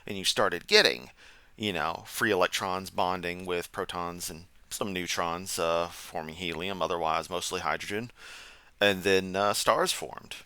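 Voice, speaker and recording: A man's voice: low voice, unhurried, bright, forceful tone, clear, resonant tone, no room sound. A man hosting a comedic reaction commentary, sarcastic, mocking and profane. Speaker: commentary channel host.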